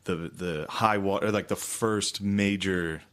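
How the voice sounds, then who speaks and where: Low-voiced, crude, laid-back young man. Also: steady tone, takes it slowly, fairly bright tone, clean tone. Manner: crude, laid-back storytelling with mocking put-on quotes. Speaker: podcast co-host, comedian. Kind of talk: casual chat.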